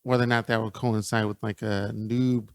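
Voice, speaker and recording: A man's voice: lowish voice, flat delivery, moderate pace, smooth, dry recording. A man hosting a podcast, talking in a hesitant, casual way with many fillers. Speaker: podcast host. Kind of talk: casual chat.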